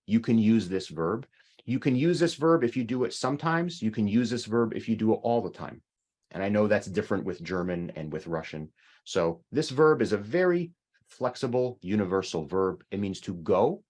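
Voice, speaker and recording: Male language teacher, lively low voice, patient and repetitive. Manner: animated, explains slowly and repeats sounds. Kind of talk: online language lesson.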